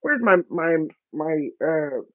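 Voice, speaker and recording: High-voiced man chatting through his first garden. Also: big pitch swings, no echo. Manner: chatty, self-mocking, reads labels aloud haltingly. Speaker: vlogger. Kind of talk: casual chat while gardening. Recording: dry, tinny phone-like sound.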